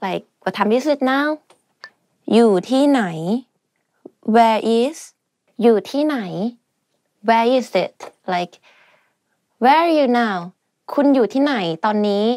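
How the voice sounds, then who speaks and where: A young woman teaches everyday phrases in a loose, chatty lesson, talking quickly and sprinkling in fillers and laughs. Her voice sits a little high and sounds close and dry, with no room around it. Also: a little mellow, no echo. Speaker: language teacher. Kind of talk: casual spoken language lesson.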